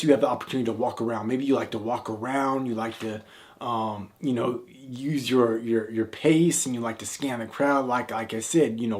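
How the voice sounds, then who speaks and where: A man giving a seated, direct-to-camera coaching tutorial, talking conversationally and often checking in with "all right?". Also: medium pitch. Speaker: video confidence coach. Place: indoors, seated.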